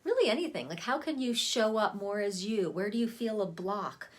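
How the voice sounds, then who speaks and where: A woman coach talks viewers through vocal warm-ups in a relaxed, chatty way. Her voice sits at an ordinary middle pitch. She speaks to the camera from a seat at home. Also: normal speed. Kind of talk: casual spoken voice lesson.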